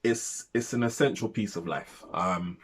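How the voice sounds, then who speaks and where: A man in his thirties talks through a casual video review in a low, slightly husky voice. He rambles and repeats his points for emphasis, in a chatty tone. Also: a little slow. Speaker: film reviewer.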